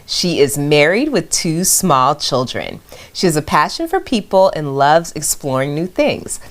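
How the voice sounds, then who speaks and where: A woman's voice: low voice, very animated, unhurried. A woman co-hosting a podcast, playful and fond of coining her own phrases, chatting and reading out a guest's bio. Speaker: podcast co-host.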